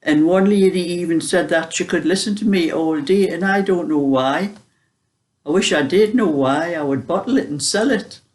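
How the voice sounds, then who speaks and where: A woman's voice: fairly low pitch, moderate pace, darkish tone. Chatty Geordie woman vlogging. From Newcastle upon Tyne, England. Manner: chatty and homely, with frequent hesitations. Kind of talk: casual chat to camera.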